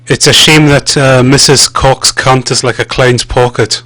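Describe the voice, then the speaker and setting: A man's voice: mid-range voice, steady tone, unhurried, pushed and bright, no echo. A man in casual chat who plainly relays viewer questions as moderator.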